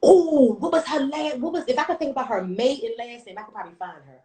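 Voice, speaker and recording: A woman in her thirties telling a personal story on a casual livestream, blunt and profane, with animated storytelling. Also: sits high, quick pace, poor audio. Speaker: livestream host.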